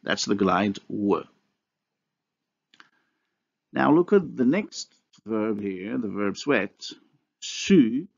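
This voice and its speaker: A man giving a recorded university lecture on phonology, explaining slowly and methodically with pauses and small restarts. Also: on the low side, expressive, creaky, lo-fi sound.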